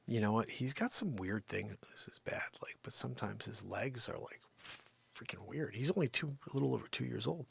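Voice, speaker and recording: A man hosting a casual unscripted livestream, rambling and often dropping into a hushed whisper. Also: mid-range voice, fairly quick, vocal fry, husky, dry recording. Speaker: livestream comedy host.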